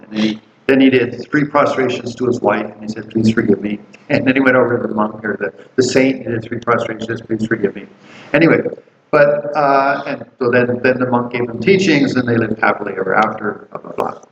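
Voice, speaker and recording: A Canadian man teaches a casual dharma class on Buddhism, rambling through stories with lots of restarts and fillers. His voice is medium-pitched and fairly even in intonation, and he speaks briskly. The recording is roomy, dull, and carries a faint hiss.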